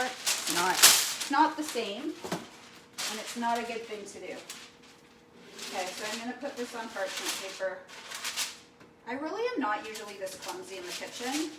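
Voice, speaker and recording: A woman's voice: fairly high pitch, heavy background noise. Chatty woman cooking in an echoey kitchen. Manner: chatty, rambling, frequent "right?" and "like". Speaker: cooking vlogger. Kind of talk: casual chat while cooking. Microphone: camera mic.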